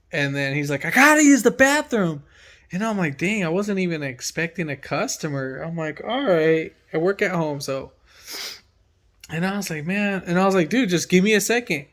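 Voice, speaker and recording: A man with a slightly raised voice tells a story in a loose, chatty way. He gets animated and acts out his own reactions as he goes. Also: fairly high pitch. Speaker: mechanic working from home. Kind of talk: casual storytelling.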